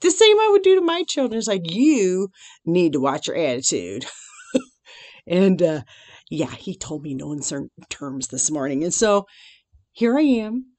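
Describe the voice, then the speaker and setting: A woman's voice: medium pitch, big pitch swings, normal speed, long pauses, darkish tone, no echo. A woman vlogging casually about her day and her faith. She chats in a self-deprecating way, laughing often, and turns reflective and grateful. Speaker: Christian vlogger. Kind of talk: casual daily devotional vlog.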